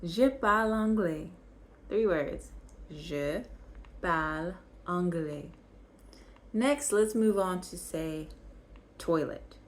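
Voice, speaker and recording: A woman's voice: mid-range voice, lively intonation, slow pace. A young woman teaching basic vocabulary, patiently repeating each word so learners can follow along. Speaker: French teacher. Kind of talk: slow vocabulary lesson.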